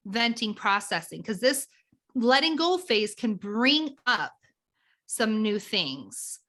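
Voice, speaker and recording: A woman guest explaining a tapping method in a conversational, teaching way, animated and acting out examples as she goes. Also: fairly high pitch, slow pace. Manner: animated, acts out examples of inner talk.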